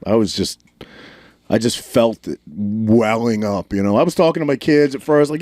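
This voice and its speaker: A man's voice: lowish voice, normal speed, darkish tone, dry recording. A man, telling a story in a casual podcast chat and acting out the lines he quotes. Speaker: podcast co-host.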